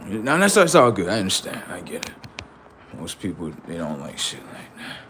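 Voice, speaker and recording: A man's voice: low voice, sing-song, moderate pace, fairly bright tone, a little hiss or hum. A man hosting a livestream, preaching in a confrontational way with rhetorical questions and street slang. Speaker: livestream host.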